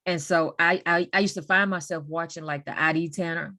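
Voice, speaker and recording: A woman's voice: lowish voice, fairly even intonation, fairly quick, sharp tone. A woman hosting a podcast, chatting casually and backing up her guest with frequent affirmations. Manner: supportive, many affirming backchannels. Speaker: podcast host. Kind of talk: casual chat.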